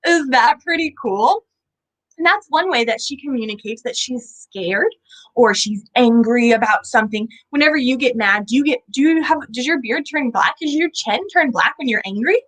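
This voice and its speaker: Bubbly, sing-song woman educator, a bit high-voiced, teaching kids indoors at an animal center. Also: lively intonation, moderate pace, a bit bright, poor audio. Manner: bubbly, sing-song, asks children questions. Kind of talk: kids' lesson.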